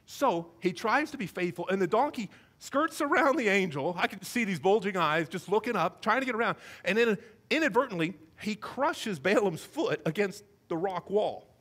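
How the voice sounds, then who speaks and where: A male pastor preaching a sermon, telling the story with animated, comic acted-out voices. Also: high-pitched, normal speed, slightly rough.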